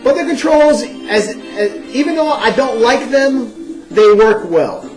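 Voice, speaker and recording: A young man giving a casual, animated first-impressions game review, full of "you know" and "like.". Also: very high-pitched, a little slow, over music, rough recording. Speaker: video game vlogger.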